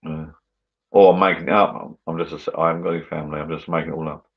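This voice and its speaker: Deep-voiced rambling man. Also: steady tone, fast, highs cut off. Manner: rambling, mumbling on. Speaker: livestream host. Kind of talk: casual live chat while drinking. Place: garden bar shed at home.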